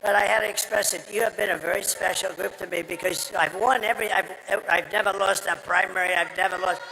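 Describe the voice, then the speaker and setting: A man with a raspy, gravelly voice and a bright, forceful edge delivers a rambling, boastful rally speech. His voice sounds strained and worn from repeated speaking. Long reverb from the large venue trails each phrase. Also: high-pitched, steady tone, fast. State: strained, tiring voice. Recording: reverberant venue with crowd noise.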